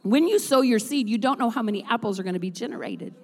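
A woman pastor preaching a sermon in a church, swinging from chatty, joking asides into loud, rhythmic preaching. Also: fairly high pitch, lively intonation, fast talker. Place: church sanctuary. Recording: long reverb of a large hall.

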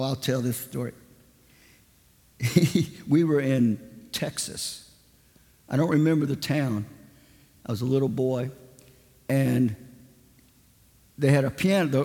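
A man's voice: on the high side, gravelly, darkish tone. Folksy male preacher telling stories. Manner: folksy, conversational, lots of "I mean" fillers. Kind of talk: sermon storytelling. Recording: long hall reverb.

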